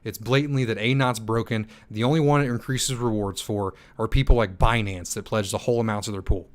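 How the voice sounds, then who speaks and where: A young man hosting a livestream Q&A, reading chat comments aloud and answering in a hyped, fast manner with many ums and restarts. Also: on the low side, fairly even intonation. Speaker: stake pool operator and channel host.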